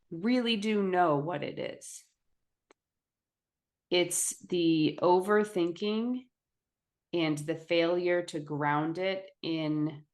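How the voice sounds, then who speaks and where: Slow, low-voiced reflective woman co-host. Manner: reflective, measured, affirming with short "mm-hmm"s. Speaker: podcast co-host. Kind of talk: casual conversation.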